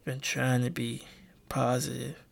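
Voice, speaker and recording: Husky, gravelly young man rambling. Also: level tone. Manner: halting and rambling, many fillers and restarts; subdued, low-key delivery. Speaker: podcast host. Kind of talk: casual personal podcast talk.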